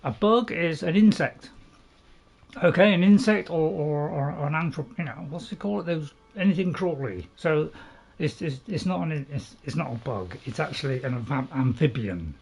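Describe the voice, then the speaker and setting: Chatty British man with a gravelly voice. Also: a little high, normal speed, a little mellow. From Britain. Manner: chatty and rambling, talks to viewers while chewing, playfully self-mocking. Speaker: gameplay channel host. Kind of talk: casual let's-play commentary.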